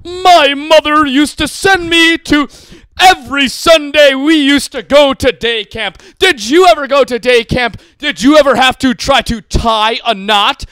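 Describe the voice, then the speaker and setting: A man putting on the voice of a prim, nerdy male comedian with a loud, theatrical, stilted old-fashioned delivery. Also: extremely high pitch, a little slow, no echo, voice pushed up. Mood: mock-prim. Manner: stilted 1940s-style delivery.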